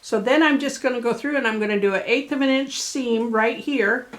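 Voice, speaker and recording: Woman, craft shop presenter, casual folksy tutorial delivery, fairly high pitch. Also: a little fast. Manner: chatty, folksy and encouraging.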